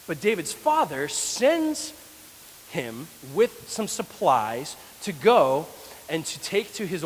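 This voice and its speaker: Male pastor, lively storytelling sermon, fairly high voice, long church reverb with faint hiss. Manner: animated storytelling. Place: church hall.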